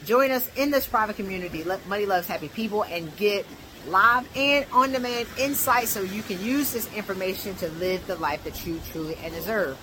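A speaker doing an upbeat, salesy promotional read for a podcast. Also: male voice, high-pitched, a little fast, noisy background. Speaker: podcast host reading an ad.

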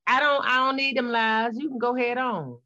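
A woman's voice: fairly high pitch, steady tone, moderate pace, pushed and bright. Guest, woman in her forties, blunt and sassy, colloquial delivery, slightly dull recording. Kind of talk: casual conversation.

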